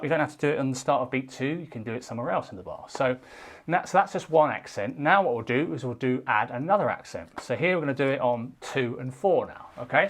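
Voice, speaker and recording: A man teaching a casual guitar lesson, talking in a relaxed way and counting beats out loud while he strums. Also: medium pitch. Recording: faint guitar playing behind.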